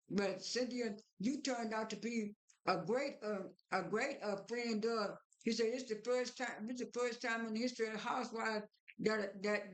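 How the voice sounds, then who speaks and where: A woman giving a casual, rambling recap of a reality show, full of repeated fillers and restarts. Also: on the high side. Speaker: recap vlogger.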